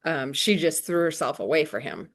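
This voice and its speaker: Chatty lower-voiced woman teacher. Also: lively intonation, normal speed. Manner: chatty, emphatic, slangy asides with rhetorical questions. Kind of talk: casual classroom explanation.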